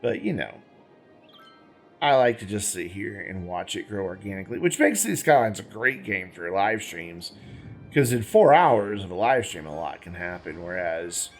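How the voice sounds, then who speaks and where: A man's voice: low voice, sing-song, moderate pace, soft background music. A man hosting a gaming channel, giving casual let's-play commentary as he plays, thinking aloud, rambling and correcting himself, with the hiccups.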